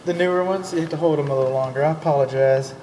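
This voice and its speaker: A home inspector from Texas races through his narration in a fairly high-pitched voice with a Texan accent. He walks a client through an empty new house in a folksy, chatty style with joking asides. The recording picks up echoing empty rooms and steady background noise.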